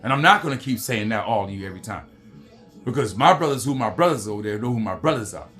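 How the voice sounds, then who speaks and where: An American man rants through his political commentary with a lot of heat and plenty of cursing. His voice sits at an everyday middle pitch, and he fills the gaps with "you know". A little music plays softly underneath. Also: animated, quick pace. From United States. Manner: heated, profane, repeats "you know". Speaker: commentary host.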